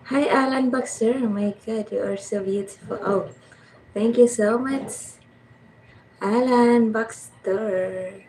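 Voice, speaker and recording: A woman's voice: a little high, takes it slowly, a little mellow, recorded from a distance, a little hiss or hum, poor audio. A woman with a Filipino accent chatting on a livestream, gushing, laughing often and thanking viewers by name. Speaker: livestream host. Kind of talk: casual livestream chat with viewers.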